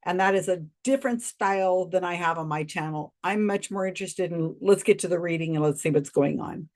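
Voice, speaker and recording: A woman with a lowish voice talks over a paused video, casual and plainly skeptical. She sounds loose and offhand, thinking aloud as she goes. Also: a little mellow. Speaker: reaction channel host. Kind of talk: commentary on a video.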